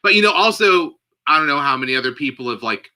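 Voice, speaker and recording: Animated bright-voiced man chatting about a movie. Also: fairly high pitch, fast. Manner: animated, acts out lines from the film in put-on voices. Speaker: podcast co-host. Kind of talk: casual movie discussion.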